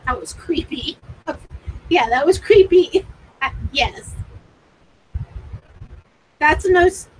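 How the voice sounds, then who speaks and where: A woman hosting a live paranormal session who talks excitedly, laughs often and repeats herself. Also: high-pitched, takes it slowly, long pauses, poor audio. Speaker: paranormal livestream host.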